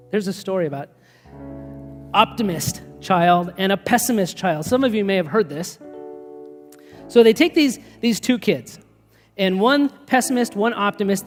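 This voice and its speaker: Pastor guy telling stories in a sermon, laughs a lot, echoey church. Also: high-pitched. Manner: storytelling, animated, laughs often.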